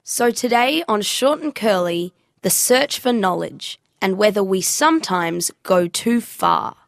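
A woman hosting a podcast, playful and a little teasing. Her voice has a gravelly fry in it. She is recorded dry and close on a studio mic. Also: mid-range voice, lively intonation, a little slow, no echo. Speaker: podcast host. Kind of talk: scripted podcast presenting.

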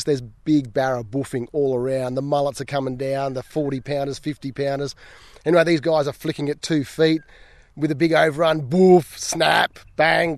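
A man's voice: fairly high pitch, no echo. Laid-back Australian man spinning a yarn. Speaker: fishing guide. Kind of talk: casual anecdote.

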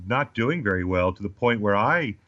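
A man's voice: lowish voice, animated, moderate pace, fairly bright tone, no room sound. A man in his forties with an Australian accent, telling comic stories in a casual chat as a guest, with a dry joking manner. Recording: slightly dull lo-fi sound.

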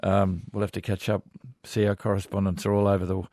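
An Australian man hosting a casual radio show, chatting relaxed and reading listener letters. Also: low-pitched, brisk, no room sound, studio quality. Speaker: radio host. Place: radio studio.

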